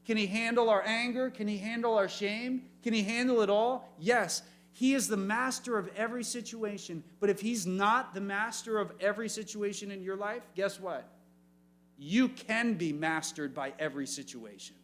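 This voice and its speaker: Youth pastor guy, fairly high voice, animated, keeps asking the kids questions. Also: moderate pace. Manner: animated, talks straight to the teens. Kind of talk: youth sermon. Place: room full of young people.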